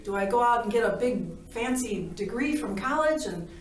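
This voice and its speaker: A woman's voice: on the high side, lively intonation, normal speed. A woman telling her near-death story in a playful way, laughing often and acting out the conversations. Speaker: near-death experience witness. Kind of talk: animated personal storytelling. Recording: roomy, from a distance.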